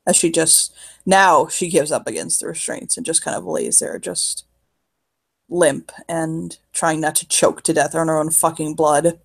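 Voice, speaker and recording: A player describing a character's actions in a tabletop horror game, halting and casual, swearing freely. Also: medium pitch, fairly even intonation, gravelly. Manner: halting, casual, swears often, many fillers.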